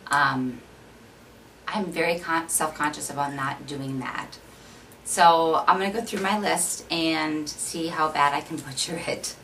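Low-voiced woman vlogger with a Minnesota accent, rambling casual chat, faint background hiss. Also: steady tone, measured pace, a bit bright, far from the mic, rough recording. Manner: chatty, rambling, many fillers. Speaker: beauty vlogger.

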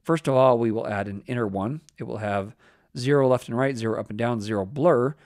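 A man explaining web code step by step in a relaxed screen-recorded tutorial, thinking aloud as he types. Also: mid-range voice, a little fast, dry recording, clean studio sound. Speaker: web development instructor.

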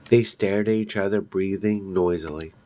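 Low, steady, and a little mellow, this man's voice carries a casual, slow reading of a horror novel, with occasional slips and restarts.

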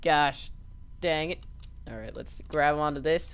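A woman's voice: low voice, a little slow, pauses often. A woman commentating on a video game, playful and joking, often yelping. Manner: playful, yelps and jokes. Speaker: gaming commentator. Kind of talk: let's play commentary. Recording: background noise.

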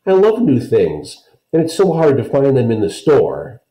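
A man's voice: mid-range voice, wildly swooping pitch, a little slow, warm tone, echoey room, pitched above the performer's own voice, rough recording. A man voicing a kind, poised young girl in a storybook reading, talking in a sophisticated way. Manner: sophisticated, helpful. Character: ten-year-old girl Ellen, poised, kind.

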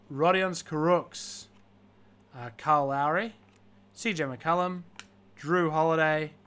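A man hosts a live card-break stream with a forceful, bright voice that sits a little high. He reels off player names in steady lists and breaks them up with offhand joking asides. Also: smooth.

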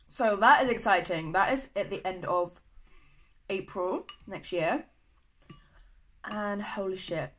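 A woman's voice: mid-range voice, slow pace, pauses often, fairly bright tone, poor audio. A young woman from the UK chatting to camera in a vlog, gushing and full of fillers. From United Kingdom. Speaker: vlogger. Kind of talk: casual chat to camera.

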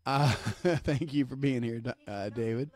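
Friendly Southern US man hosting a live stream, easy laugh, middle pitch, dry close mic. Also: unhurried, darkish tone, no room sound. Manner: chatty and upbeat, laughs easily, lists greetings to viewers. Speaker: host of an online book-reading broadcast. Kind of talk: casual live-stream talk.

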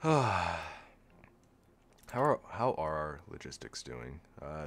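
Sarcastic deep-voiced young man gaming. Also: slow pace, pauses often, dry recording. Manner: sarcastic, self-mocking, laughs often; flat monotone when joking. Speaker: gaming video host. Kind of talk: casual gameplay commentary.

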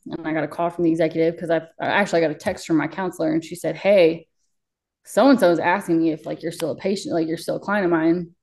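A woman's voice: lowish voice, a little mellow. Blunt, swearing young woman paramedic. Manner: blunt, emotional, heavy swearing. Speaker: paramedic guest. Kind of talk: candid interview storytelling.

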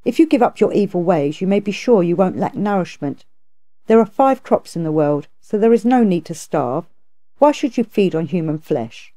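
A woman reading aloud, voicing a stern, lofty female Bodhisattva who admonishes calmly. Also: on the low side, moderate pace. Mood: admonishing. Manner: calm, admonishing.

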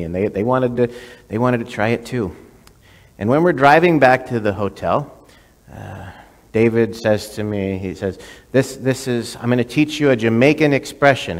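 A man's voice: medium pitch, long reverb tail. A male priest preaching a sermon, telling a story in a conversational way, often restarting phrases and checking in with "right?". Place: church sanctuary.

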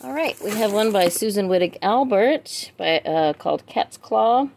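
A woman's voice: medium pitch, expressive, unhurried, creaky, background noise. A woman, chatting casually as she unboxes books, reading out titles and asking viewers for pronunciation help. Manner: reads titles aloud, chatty asides to viewers. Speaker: book vlogger. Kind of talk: casual book unboxing chat.

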